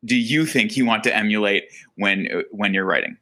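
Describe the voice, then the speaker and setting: A man hosting an educational webinar, talking in a relaxed way with lots of fillers. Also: medium pitch, fairly quick, hardly any pauses. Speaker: webinar host.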